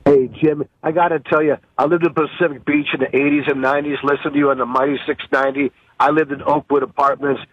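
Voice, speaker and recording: A man's voice: a little high, level tone, quick pace, husky, no echo. A man calling a radio show and telling a chatty story. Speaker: caller. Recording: dry, dull phone line.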